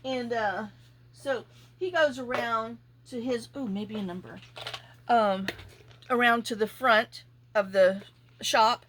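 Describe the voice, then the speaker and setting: A woman hosting a crafting vlog, chatting casually and telling a rambling, animated story with asides while she works. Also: on the high side, takes it slowly, long pauses, a little hiss or hum. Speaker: junk journaling channel host.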